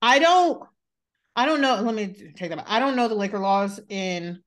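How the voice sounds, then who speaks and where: A woman from the American South, co-hosting a podcast in casual chat, emphatic and expressive. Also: medium pitch, normal speed. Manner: emphatic and expressive, with frequent agreeing interjections. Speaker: podcast co-host.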